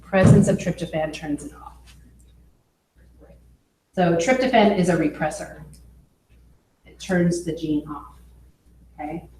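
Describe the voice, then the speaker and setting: A woman's voice: on the low side, warm tone. Woman lecturing in an echoey classroom. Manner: slow, explanatory, checks in with okay. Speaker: biology instructor. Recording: echoey classroom with faint noise.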